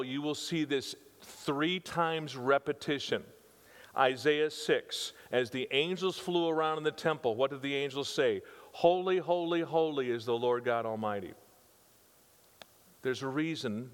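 A man's voice: medium pitch, moderate pace. An older man preaching a conversational sermon, with emphatic repetition and rhetorical questions to his congregation. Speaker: pastor. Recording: reverberant hall sound.

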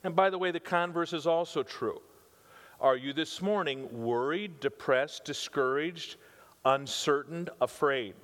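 In a hall full of reverb, an older male pastor preaches conversationally, repeating points for emphasis and posing rhetorical questions to the congregation. He speaks a little slowly in a fairly high, slightly bright voice.

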